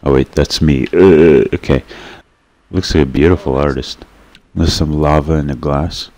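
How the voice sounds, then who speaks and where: A man giving casual let's-play commentary as he plays, joking sarcastically at his own expense and bursting into excited shouts at the game. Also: very deep voice, normal speed, slight background noise. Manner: sarcastic, self-mocking joking. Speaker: gameplay commentator.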